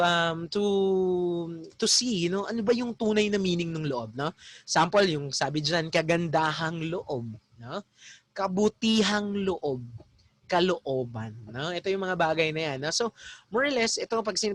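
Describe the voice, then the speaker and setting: A man's voice: on the high side, fairly bright tone, no room sound. A young man with a Filipino accent lecturing his class, tagging his points with "no?" and switching between Tagalog and English. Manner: mixes Tagalog and English, tags lines with "no?". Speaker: teacher.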